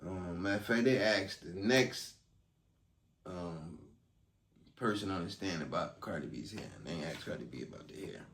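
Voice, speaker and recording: A man with a low voice talks through events in a casual, rambling way, leaning on ums. He sits back from the mic, so the room rings around him. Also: animated, moderate pace, fairly bright tone. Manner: loose and conversational, full of ums. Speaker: vlogger recapping a court trial. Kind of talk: casual commentary. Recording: roomy sound, distant from mic.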